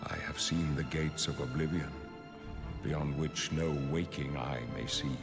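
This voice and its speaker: An older actor playing a solemn aged emperor, speaking gravely and slowly in a game cutscene. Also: male voice, a bass voice, steady tone. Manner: grave, measured. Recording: game audio in a large reverberant hall with strong music.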